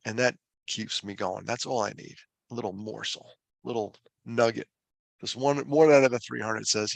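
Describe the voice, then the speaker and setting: A man's voice: fairly low pitch, fairly even intonation, moderate pace, vocal fry, no room sound. A man who runs a suicide prevention foundation, talking with self-deprecating humor and earnest emphasis as a show regular. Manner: earnest and emphatic when driving a point home. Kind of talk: conversational storytelling on a podcast.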